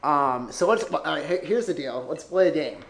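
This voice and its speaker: A man's voice: on the high side, lively intonation, moderate pace, vocal fry, a bit bright, echoey room. A man hosting a podcast in casual comedic banter, joking, loose and profane. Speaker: podcast host.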